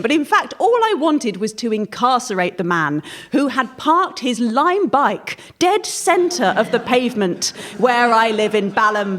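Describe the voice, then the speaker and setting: A woman on a comic panel game, telling a story in a brisk, chatty way. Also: fairly high pitch. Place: radio studio before an audience.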